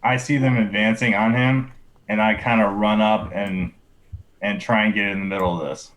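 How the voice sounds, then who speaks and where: A man's voice: lowish voice, steady tone, moderate pace, fairly bright tone. A man playing a tabletop game who speaks in a firm, declarative way, partly in character. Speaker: player.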